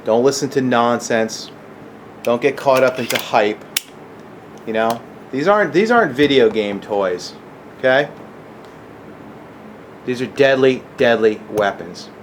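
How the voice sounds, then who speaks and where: An agitated middle-aged man rants at mid pitch, cursing hard and tossing in a pointed "okay?" again and again. His voice sits in the middle range for a man. A faint air-conditioner hum runs under him. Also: lively intonation, unhurried, long pauses. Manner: agitated, profane, keeps asking "okay?". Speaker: gun channel vlogger. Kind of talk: angry rant to camera.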